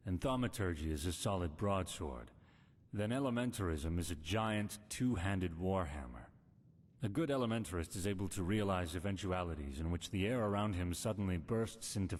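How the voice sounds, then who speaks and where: An actor playing a scholarly male mage teacher explaining schools of magic, with a husky voice. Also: sits low, in a large hall.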